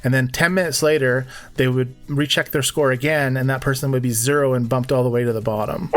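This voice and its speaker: A man's voice: medium pitch, steady tone, a little fast. Man in his forties, co-host, chatty, joking, faint music behind. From Canada. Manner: chatty, joking, thinks aloud. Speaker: live stream co-host. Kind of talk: casual chat.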